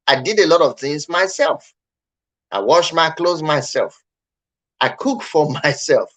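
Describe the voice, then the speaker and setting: A man's voice: fairly high pitch, poor audio. A man vlogging marriage advice in casual personal storytelling, earnest and reflective, talking straight to the viewer.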